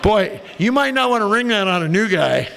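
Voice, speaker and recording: High-voiced, gravelly older comic man. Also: very animated, normal speed, background noise. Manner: profane, wisecracking, punchline-driven. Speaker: recovery meeting speaker. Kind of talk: comic storytelling talk. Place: recovery meeting room.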